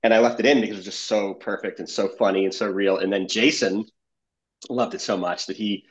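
A man's voice: fairly low pitch, fairly even intonation, fairly quick, rough recording. A man, a comedy editor, telling behind-the-scenes stories in a casual interview and laughing often.

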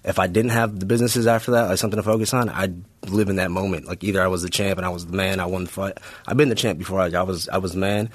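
Fast-talking deep-voiced man. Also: fairly even intonation, no room sound. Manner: quick, casual, filler-heavy talk. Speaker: guest, MMA fighter. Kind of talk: casual podcast chat.

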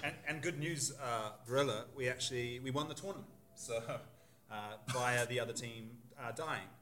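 A man's voice: mid-range voice, takes it slowly. A man doing a mumbling student with a fake accent. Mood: deadpan. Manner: quiet, mumbled put-on accent. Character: young male student adventurer with a put-on accent.

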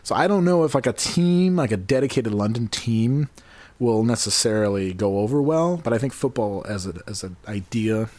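A man's voice: medium pitch, animated, moderate pace, darkish tone, dry recording. A man co-hosting a podcast in casual, rambling chat, joking and swearing freely. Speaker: podcast co-host.

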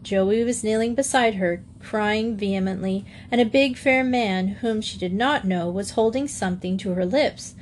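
A woman reading a classic children's novel aloud as an audiobook narrator, in a steady storytelling manner. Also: mid-range voice, slight background noise. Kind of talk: scripted narration.

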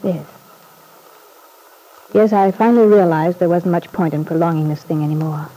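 A woman's voice: lowish voice, steady tone, normal speed, mellow, lightly acted, poor audio. A woman playing a wry, weary young mother. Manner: wry, self-deprecating. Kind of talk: vintage radio soap acting.

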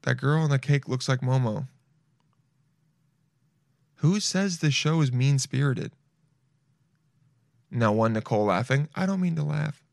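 A man's voice: mid-range voice, animated, a little slow, vocal fry, pauses often, no room sound, studio quality. A young man streaming and reacting to videos in loose, swearing, self-mocking casual talk.

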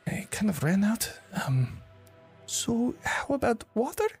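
A man voicing a timid female tavern keeper who speaks quietly and apologetically in a tabletop game. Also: high-pitched, big pitch swings, a little slow, breathy edge, faint music behind, voice pushed up, exaggerated voice. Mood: sheepish.

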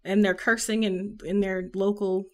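A woman from the Southern United States chats casually about a book like a laid-back podcast co-host. Her medium-pitched voice sits mid-range for a woman, and she rambles loosely, sprinkling in fillers and quick laughs.

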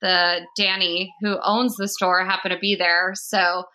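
Young woman hosting a podcast, bright voice, says like constantly, giggly. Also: fairly low pitch, level tone, unhurried. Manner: chatty, heavy use of "like", frequent laughter. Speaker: podcast host. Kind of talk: casual podcast chat.

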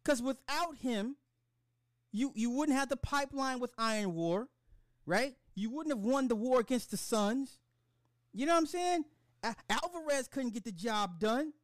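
A man hosting a podcast in casual chat, animated and slangy, with lots of restarts and swearing. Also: extremely high pitch, moderate pace, dry recording, studio quality. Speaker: podcast host.

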